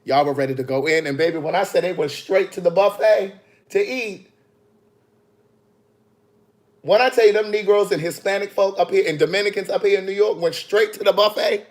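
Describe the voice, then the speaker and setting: A man, an author, chatting on a phone livestream in a sassy, animated way, talking straight to his viewers. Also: high voice, fairly quick. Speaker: author hosting a live video. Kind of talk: casual livestream chat. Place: in the city after a book event.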